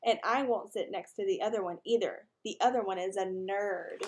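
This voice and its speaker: A woman's voice: mid-range voice, normal speed, slight background noise, lightly acted. A woman voicing a boastful, self-assured boy of about twelve, in a smug tone.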